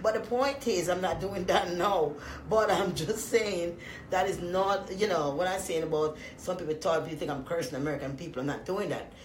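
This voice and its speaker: A woman from Jamaica with a Jamaican accent, talking loudly and profanely to her live-stream viewers in a casual, rambling way, often breaking into laughter. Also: fairly low pitch, normal speed, roomy sound, slight background noise. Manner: profane, loud and animated with frequent laughs.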